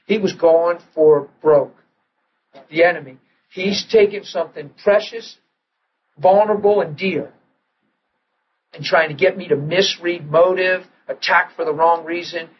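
Animated male preacher telling a story. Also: on the high side, lo-fi sound, a little hiss or hum. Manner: animated storyteller who acts out quotes and drops to a hush in tender moments. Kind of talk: sermon with personal storytelling.

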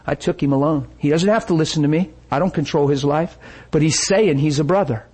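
An older man preaching a sermon, telling stories and acting out what people said, with an animated manner and frequent laughter. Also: on the high side, brisk, slightly rough. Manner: animated, acts out quoted voices, laughs often. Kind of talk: sermon storytelling.

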